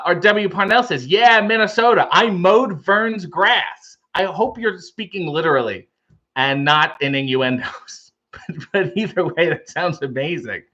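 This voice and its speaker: A man's voice: on the high side, a bit bright, lo-fi sound. A man hosting a casual livestream, making coffee and reading out viewer comments with playful, wry asides. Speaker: livestream host reading chat.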